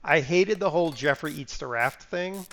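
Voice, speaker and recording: A man's voice: a little high, expressive, moderate pace, fairly bright tone. A man casually commenting on a live game stream. He mutters to himself while playing, breaks into sudden exclamations and sniffles now and then.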